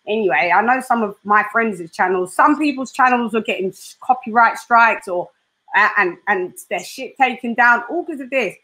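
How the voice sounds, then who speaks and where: A woman interviewing a guest in casual chat, animated and laughing often. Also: on the high side, moderate pace. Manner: animated, laughs often, does voices for quotes.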